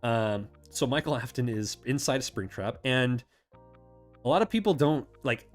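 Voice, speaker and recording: A man's voice: medium pitch, lively intonation, moderate pace, soft background music. A man hosting a casual chat, answering viewer questions in a rambling, self-correcting way and laughing often.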